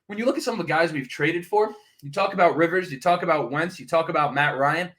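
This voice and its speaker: Fairly high-voiced man thinking aloud. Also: fast talker, a bit bright. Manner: thinks aloud, hedging with "right?" and "uh". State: sipping coffee, brief cough. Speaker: podcast host. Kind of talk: casual fan commentary.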